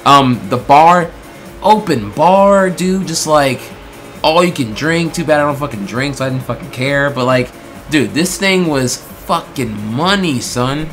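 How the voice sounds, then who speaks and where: A man telling a story in a casual, animated way, swearing often, packed with filler words and acted-out exchanges. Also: on the high side, measured pace, faint music behind. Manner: acts out quoted exchanges in bursts. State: throat getting tired.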